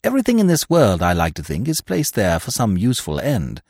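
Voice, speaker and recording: A man's voice: lowish voice, wildly swooping pitch, fairly quick, darkish tone, dry recording, studio quality, exaggerated voice. A male narrator playing a verbose, drily whimsical young Englishman with ornate, pompous phrasing. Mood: genial.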